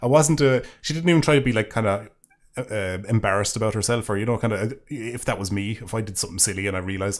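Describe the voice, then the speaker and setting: A man's voice: lowish voice, fast talker. A man with a rambling, sweary, sarcastic manner, casually chatting while reading super chats on a live stream.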